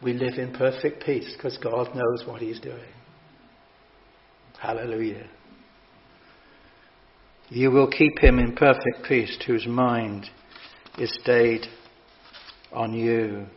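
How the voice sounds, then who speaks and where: A man preaching a sermon, reading scripture with emphatic, measured delivery and dramatic pauses. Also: medium pitch, steady tone. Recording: dull lo-fi sound.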